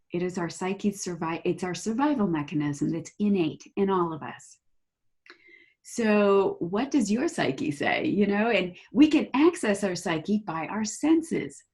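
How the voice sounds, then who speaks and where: A woman of ordinary pitch talks as a guest in an interview. She explains in an animated way and slips into quick acted-out inner voices. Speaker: guest, holistic practitioner.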